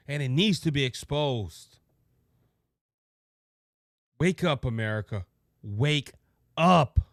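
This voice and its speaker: Cajun male political host, heated rant, bright sharp high voice, dry studio sound. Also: dry recording. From Louisiana. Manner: impassioned, raises voice, repeats words as he restarts. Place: studio with a monitor.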